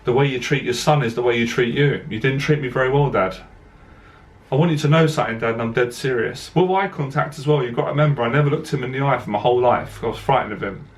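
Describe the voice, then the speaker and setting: A man, a dating coach, speaks straight to camera in a heartfelt monologue. He talks earnestly and directly, often repeating words as his voice catches. His voice sits at an ordinary middle pitch. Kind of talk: emotional personal monologue to camera.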